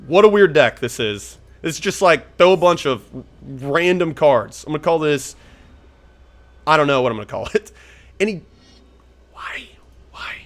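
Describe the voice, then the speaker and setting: A young man talking his way through a card game, swearing freely and rambling as he weighs each play. His voice sits a little high for a man. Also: lively intonation, a little slow, pauses often, a bit bright. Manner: rambling, profane, thinking aloud. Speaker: gaming YouTuber. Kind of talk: casual gameplay commentary.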